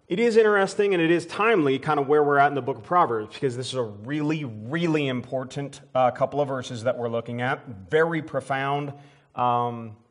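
A pastor preaching a sermon in his church, folksy and rambling, full of restarts, and building up to emphatic preaching. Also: medium pitch. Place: church sanctuary.

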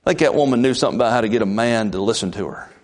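A man preaching a folksy, conversational sermon as pastor, with sudden leaps in pitch. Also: very fast.

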